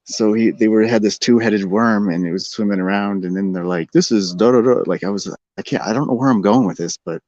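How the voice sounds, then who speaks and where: Low-voiced man rambling loosely. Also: a little fast, few pauses, a little mellow, dry recording. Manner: rambling, meandering, laughs often, breaks into silly high sing-song. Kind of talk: casual rambling chat. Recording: dull, dry lo-fi sound.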